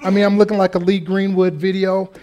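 Male American preacher, high voice, animated and funny in the pulpit. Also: fairly quick, dull audio. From United States. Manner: animated, joking asides and acted-out quotes. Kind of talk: humorous sermon.

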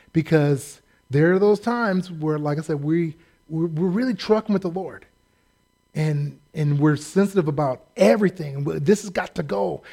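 A man preaching a sermon in a folksy, animated way, acting out the people in his story. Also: fairly high pitch. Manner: folksy, animated, acts out quotes. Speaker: pastor.

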